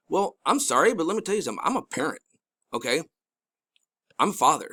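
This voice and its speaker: A man's voice: on the high side, a bit bright. Urgent, pleading middle-aged man. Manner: rambling with restarts. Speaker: video host. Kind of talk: casual narrated commentary.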